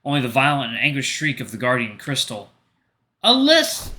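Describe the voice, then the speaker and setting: At a quick pace and in a mid-range voice, a gaming channel host works through a story game, reading its narration aloud. Relaxed reactions come in between the steady reading.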